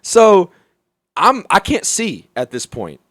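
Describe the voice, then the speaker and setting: Animated man telling a profane story. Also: sits high, slow pace, no echo, clean studio sound. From Mobile, Alabama, US. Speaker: guest comedian. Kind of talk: casual storytelling.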